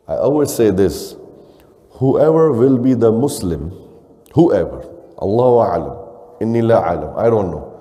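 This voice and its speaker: Male imam, dark mellow voice, sermon in a hall with long reverb, rhetorical questions. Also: fairly low pitch, lively intonation, a little slow. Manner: preaching with Arabic phrases mixed in, rhetorical questions, acting out quotes. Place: mosque hall.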